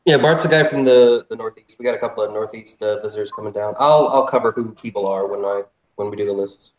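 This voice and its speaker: A man's voice: lowish voice, fast. A man hosting a casual show on a video call, practical and organizing, with frequent ums. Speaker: show host. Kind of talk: casual chat. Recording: roomy echo.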